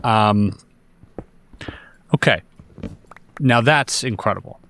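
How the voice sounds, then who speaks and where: A man's voice: on the low side, slow pace, a bit bright, slight background noise. A man hosting a podcast interview, chiming in with short questions and prompts. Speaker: podcast host.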